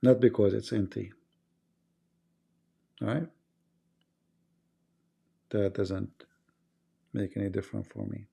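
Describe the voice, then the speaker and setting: A man's voice: on the low side, fairly even intonation, slow pace, creaky, long pauses, dark tone, slightly rough. A man hosting a livestream, talking casually in English and arguing through rhetorical questions. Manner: argumentative, asks rhetorical questions, non-native grammar. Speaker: livestream host.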